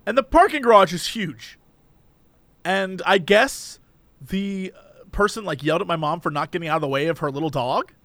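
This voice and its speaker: High, bright-voiced young man telling stories. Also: moderate pace, no room sound. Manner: animated storyteller who acts out quoted voices. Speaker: podcast co-host. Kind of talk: casual chat. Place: Los Angeles area.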